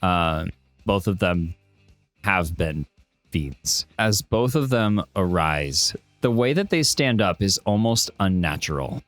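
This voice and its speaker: Animated male game master. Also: sits low, slow pace, no room sound, soft background music. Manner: animated, descriptive narration. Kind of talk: narrating a tabletop game on a podcast.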